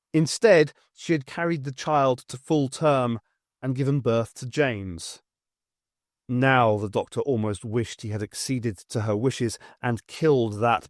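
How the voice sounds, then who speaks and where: A man narrating an unofficial audiobook in an expressive storytelling manner. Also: mid-range voice, no room sound, clean studio sound. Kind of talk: scripted narration.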